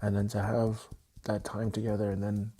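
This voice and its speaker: A man delivers an unscripted livestream monologue that is raw and emotional, though his delivery stays completely flat. His voice is low, husky and mellow, his phrases halting and repeated, and he frequently breaks off to restart a thought.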